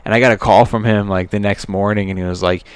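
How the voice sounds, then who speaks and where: A man's voice: fairly low pitch, steady tone, fast, clean tone, no room sound. A man in his thirties co-hosting a podcast, telling rambling stories and acting out the people he quotes in a raised voice. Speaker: podcast co-host. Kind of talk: casual chat.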